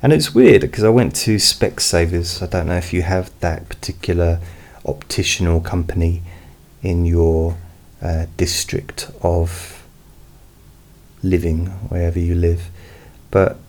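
A man who hosts hypnosis recordings, chatting in a slow, meandering way with many fillers. He is speaking at home into a studio microphone behind a pop filter. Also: sits low, flat delivery, darkish tone. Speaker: hypnotist host. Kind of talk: casual personal update. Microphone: studio mic with pop filter, not close.

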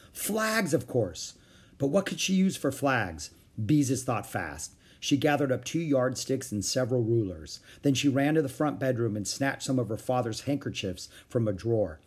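A man reading a children's book aloud in an expressive storytelling manner. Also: medium pitch, moderate pace, husky.

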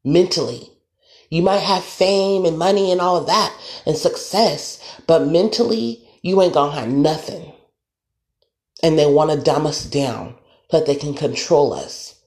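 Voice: mid-range voice, a little slow, a little mellow. A podcast host venting alone on an episode, talking emphatically, repeating points and swearing. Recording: roomy echo.

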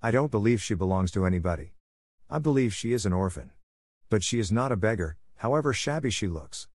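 A man's voice: lowish voice, expressive, brisk, darkish tone, no echo, studio quality. A man voicing a sensible, decisive girl in a storybook reading, reasoning things out. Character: sensible talkative older sister girl.

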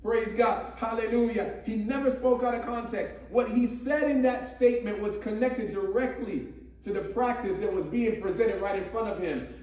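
A man preaching with rising fervor, punctuating every thought with praise God and hallelujah. His voice sits high for a man and rings through a very echoey room, picked up from some distance off the mic. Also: normal speed, a little mellow. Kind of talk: sermon.

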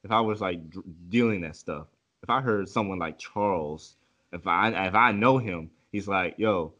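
A man's voice: sits low, moderate pace, a bit bright, dull audio. A man hosting a podcast in casual chat, reacting animatedly and stumbling over his words as he jumps in.

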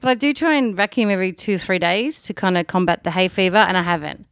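A woman's voice: fast talker, smooth, dry recording. Woman, podcast co-host, giggly and teasing, mid voice, dry close sound. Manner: playful, giggly, swoops into silly high voices. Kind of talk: casual banter. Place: home, with dogs nearby.

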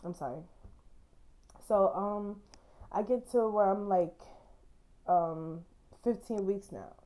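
A woman's voice: medium pitch, slow pace, mellow. A young woman hosting a podcast, telling a personal story in a blunt, candid way and swearing casually. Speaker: podcast host.

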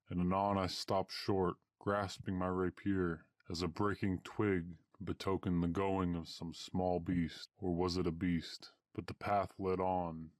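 A man narrating a story in a measured, old-fashioned storytelling manner. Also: low-pitched, no echo.

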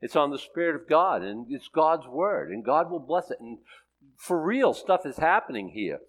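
A man's voice: a little high, big pitch swings, moderate pace, poor audio. An older man teaching the Bible, reading scripture solemnly and then telling a story with many restarts. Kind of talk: sermon and storytelling.

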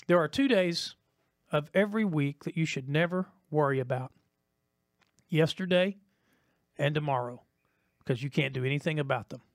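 A man's voice: high voice, dry recording, clean studio sound. A man preaching a sermon as pastor, emphatic and rhythmic, repeating his key lines.

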